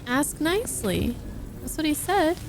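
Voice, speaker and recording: A woman's voice: sits high, very animated, a little slow, creaky. A woman streamer giving chatty, sarcastic live commentary while playing a game.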